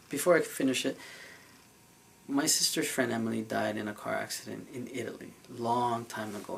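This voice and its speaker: A man recounts a dream for his vlog in a loose, earnest way, circling back with fillers and restarts. His mid-pitched voice carries a gravelly edge. A faint hiss sits under the recording. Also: poor audio. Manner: rambling, many fillers and restarts; earnest and emotional. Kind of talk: casual storytelling vlog.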